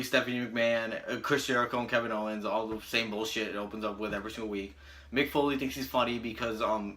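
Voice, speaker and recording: A man's voice: on the low side, bright, forceful tone. A young man giving a crude, sarcastic wrestling review with lots of um fillers. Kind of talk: casual review vlog.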